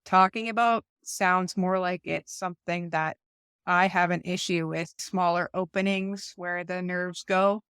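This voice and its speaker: A woman's voice: on the low side, steady tone, unhurried, fairly bright tone, clean tone, dry recording, studio quality. A woman in her forties co-hosting a conversational faith podcast, talking things through with lots of asides and restarts. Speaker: podcast co-host. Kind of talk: casual conversational podcast chat.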